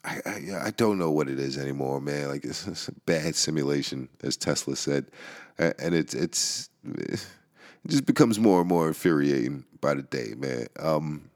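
Deep-voiced man ranting with laughs. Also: lively intonation, moderate pace, darkish tone. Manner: laughs often, swears, rambling. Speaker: podcast host. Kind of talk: casual rant. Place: New York.

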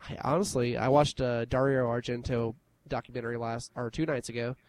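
A man co-hosting a podcast, chatting in a relaxed, joking way and chuckling between lines. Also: medium pitch, brisk, dry recording. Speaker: podcast co-host. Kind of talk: casual chat.

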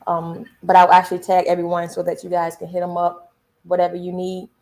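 A woman's voice: on the low side, monotone, fairly quick, a little mellow. A woman hosting a podcast, setting up scenarios and prompting her guest in casual chat. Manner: prompting, sets up scenarios for questions. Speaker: podcast host.

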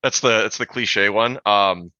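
A man co-hosting a podcast, chatting casually and rambling about language with animated asides. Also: lowish voice, measured pace, no room sound, dull audio. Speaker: podcast co-host. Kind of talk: casual chat.

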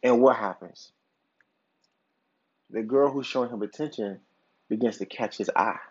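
A podcast host speaks at a moderate pace in a breathy-edged mid-range voice, telling a long, rambling hypothetical story full of fillers and restarts, recorded in dull lo-fi quality.

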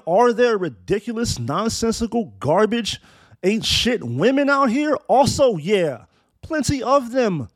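A man's voice: sits high, no room sound. A man in his thirties giving a blunt, profane opinion monologue and telling a story from his own life. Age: 30s. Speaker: commentator.

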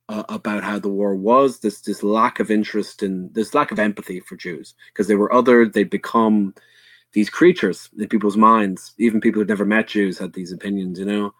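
On a podcast, an Irish man with a low, dry voice discusses history casually and with earnest bluntness. He stops and restarts a lot and swears now and then; the sound is a bit bright, with no echo.

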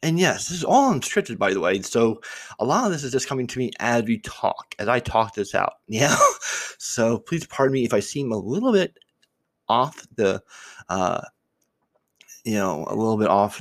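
A man's voice: medium pitch, sing-song, normal speed, dry recording. Guy talking off the cuff on his podcast, kinda choked up, voice shaky, super dry sound. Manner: reflective, rambling with restarts and repeated words. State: choked up, voice trembling. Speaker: podcast host. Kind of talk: unscripted solo podcast musing.

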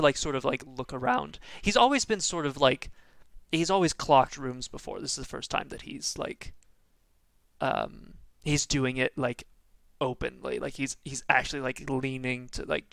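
Unhurried male game master, gravelly, hesitant delivery. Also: mid-range voice, a bit bright, no room sound. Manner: hesitant, lots of fillers and restarts. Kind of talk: narrating a tabletop game.

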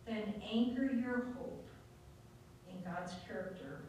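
A woman delivers an earnest sermon, reading scripture with drawn-out, weighty pauses. Her voice carries from a distance through a very echoey room. A faint low rumble sits underneath. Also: dark tone. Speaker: preacher.

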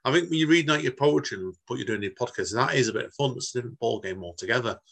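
A man's voice: medium pitch, animated, racing, creaky, a bit bright. A man hosting a casual poetry podcast interview, chatty and informal. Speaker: podcast host.

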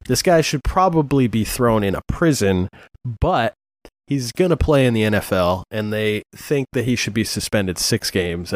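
A man's voice: fairly low pitch, no room sound. A man hosting a podcast in casual chat, rambling and swearing, with many fillers. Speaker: podcast host.

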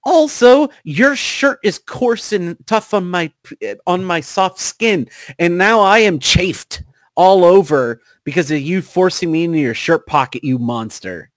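A man's voice: sits high, a little slow, fairly bright tone, dry recording. A young man on a comedy podcast, exasperated and mock-disgusted, protesting every turn of a friend's story. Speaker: podcast co-host. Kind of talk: casual comedic chat.

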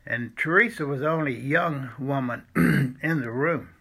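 A man telling a personal church testimony in a halting way, with frequent restarts and throat-clearing. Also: mid-range voice, pushed and bright. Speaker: former seminary student telling a church story.

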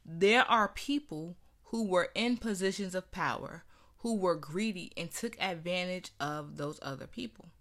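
A woman's voice: fairly low pitch, measured pace, fairly bright tone. A young woman candidly telling her personal story in a conversational, earnest way, acting out what people said. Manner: earnest, conversational, acts out quoted voices.

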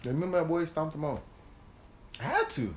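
Man, casual storytelling, animated, slightly high voice, faint background noise. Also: brisk. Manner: animated, swears, laughs mid-story. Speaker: host.

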